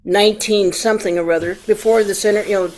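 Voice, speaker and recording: Older audience member, mid-pitched, rambling casual testimony. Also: steady tone, fast talker, a little mellow, low-quality recording. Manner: rambling, trailing off with fillers. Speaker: audience member sharing a story.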